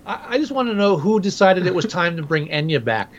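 A man's voice: sits high, big pitch swings, fairly quick, slight background noise. A man co-hosting a podcast who rants sarcastically about movies and swears now and then. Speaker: podcast co-host. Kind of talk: casual movie chat. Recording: dull, muffled mic.

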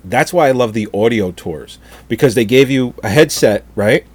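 A man's voice: mid-range voice, moderate pace. A middle-aged man telling an exasperated, profane story in casual chat, laughing at himself. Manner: animated, exasperated, swears often, laughs at own story.

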